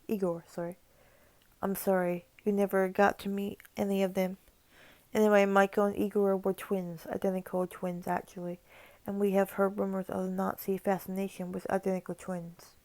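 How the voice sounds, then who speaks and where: A woman narrating a horror story for her channel, her voice gravelly and mellow with a fairly flat delivery. The sound is dry and close. She stumbles on words here and there and slips in casual asides. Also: mid-range voice, normal speed, no room sound. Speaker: creepypasta narrator. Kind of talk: reading a horror story aloud.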